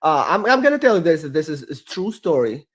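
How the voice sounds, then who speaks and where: This Iraqi-accented guest on a casual debate livestream speaks fairly quickly in a high, slightly rough, sing-song voice. His storytelling is emphatic and repetitive, and he keeps restarting phrases.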